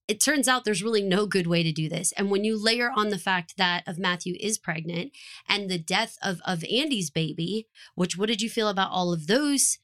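A woman co-hosting a casual TV recap podcast. She talks in quick bursts and acts out lines from the show. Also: mid-range voice, expressive, fairly bright tone. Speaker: podcast co-host.

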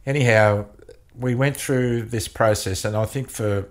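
A man, a couples counselor, telling a long story in an interview, often halting and repeating words. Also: mid-range voice, fairly even intonation.

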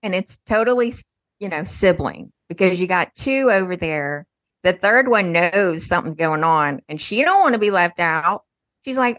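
A woman's voice: fairly low pitch, animated, moderate pace, a bit bright, no room sound, clean studio sound. A woman co-hosting a podcast, telling stories in casual chat and laughing often. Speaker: podcast co-host.

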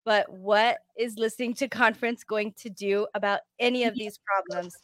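A woman's voice: medium pitch, steady tone, moderate pace, no room sound. Candid woman in a dry, close recording. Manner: candid, reflective, searching for words. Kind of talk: casual podcast discussion.

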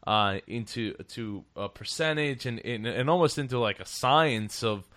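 A man's voice: medium pitch, moderate pace, a bit bright, no room sound, clean studio sound. A man hosting a podcast over a remote call, chatting in an upbeat, rambling way with lots of restarts. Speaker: podcast host. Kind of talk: casual interview chat. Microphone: remote call setup.

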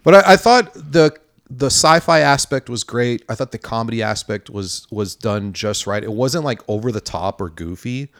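A man's voice: medium pitch, lively intonation, normal speed, a bit bright, no echo, studio quality. A man co-hosting a podcast, giving a casual movie review in a rambling way, full of fillers and hedges. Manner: rambling, hedging with many fillers. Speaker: podcast co-host.

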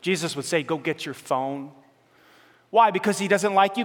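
Male pastor, sermon, fairly high voice, urgent then hushed, repeats himself, long echo of a church hall. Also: normal speed. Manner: passionate, swinging from loud urgent to soft and hushed; repeats phrases, direct to the congregation.

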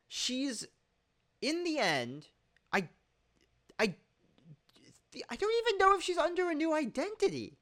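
A man's voice: extremely high pitch, a bit bright. A man rambling casually about a TV series, leaning heavily on "like" and laughing at its plot holes.

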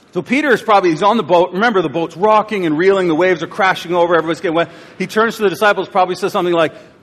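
A pastor giving a sermon, telling a story and acting out its scenes with voices and asides to the crowd. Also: male voice, sits high, rapid-fire, hardly any pauses, a bit bright. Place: church auditorium. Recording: live church recording with long hall reverb.

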